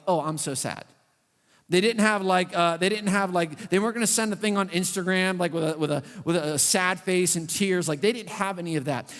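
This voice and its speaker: A man preaching to a youth group, his voice sitting high for a man. He tells stories in an animated way and keeps dropping in "like". The sound carries a long reverb from the church hall. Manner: animated storytelling with frequent "like" fillers. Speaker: youth pastor. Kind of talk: youth sermon.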